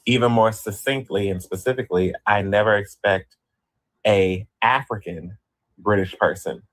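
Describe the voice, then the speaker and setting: A blunt man with a very deep voice speaks deliberately, weighing his words. The sound is dry and close, with no room around it. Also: fairly bright tone, dry recording, rough recording. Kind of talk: opinionated commentary.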